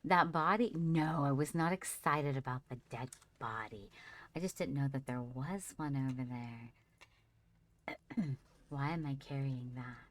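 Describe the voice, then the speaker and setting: A woman's voice: a bass voice, measured pace, fairly bright tone. A woman streaming a survival game, chatting casually with her viewers and fondly talking to her character as she plays. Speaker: livestreamer. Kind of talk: casual gameplay commentary.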